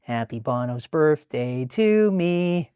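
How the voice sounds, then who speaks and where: A webcomic artist voicing a goofy, cheeky cartoon family man who announces things loudly and playfully. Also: medium pitch, lively intonation, moderate pace, dry recording, studio quality, natural voice.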